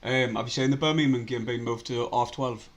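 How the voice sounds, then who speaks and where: A man's voice: medium pitch, steady tone, a little fast. Laughing man. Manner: laughs often, says "aye" and "like". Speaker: co-host of a fan live stream. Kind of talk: casual football chat and match commentary.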